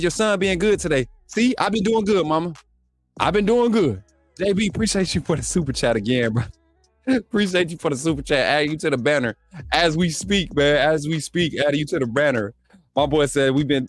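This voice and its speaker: A man's voice: fairly high pitch, no room sound. Hyped Alabama man trash-talking on a stream. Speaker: live stream show host. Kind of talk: casual live stream chat, reading super chats.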